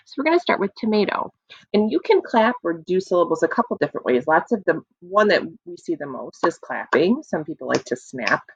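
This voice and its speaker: A young woman teaching young children a phonics lesson online, in a slow and encouraging sing-song voice, recorded on a computer mic at home. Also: deep voice, creaky, slightly rough, dry recording. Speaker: kindergarten teacher. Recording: dry, dull lo-fi computer audio.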